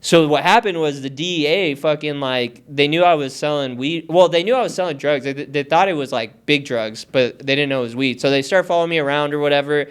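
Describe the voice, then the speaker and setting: A man from Hawaii speaks with a raised, smooth and resonant voice. He is a podcast guest who tells his stories casually and swears freely. He acts out the voices of the people he quotes. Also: a little high, fairly quick, hardly any pauses. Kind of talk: casual storytelling.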